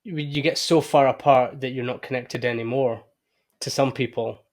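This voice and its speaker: A man's voice: medium pitch, moderate pace. A man hosting a podcast, talking candidly and reflectively in casual conversation. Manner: candid, reflective, animated when telling stories. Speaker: podcast host.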